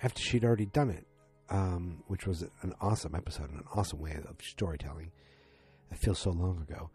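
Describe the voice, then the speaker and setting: A man's voice: sits low, fast talker, darkish tone, soft background music. A man casually recapping a TV episode, rambling with fillers and restarts and acting out characters' lines. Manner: rambling, many fillers and restarts, acts out quotes.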